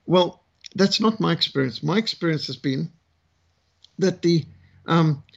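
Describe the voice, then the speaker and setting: A man's voice: on the high side, lively intonation, unhurried, vocal fry, dull audio. A South African man in his sixties, a missionary speaker telling his life story in a conversational way, with frequent fillers. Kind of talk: testimony talk, storytelling.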